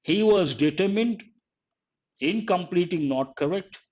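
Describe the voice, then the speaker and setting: A man's voice: sits high, animated, a little slow, a little mellow. A man teaching grammar in a live exam-prep class, explaining step by step and repeating key phrases. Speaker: English teacher. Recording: dull lo-fi online class audio.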